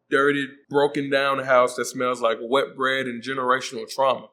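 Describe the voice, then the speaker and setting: Bright-voiced joking male recap host. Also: medium pitch, level tone, a little slow. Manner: joking, slangy, acts out voices. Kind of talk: comedic movie recap.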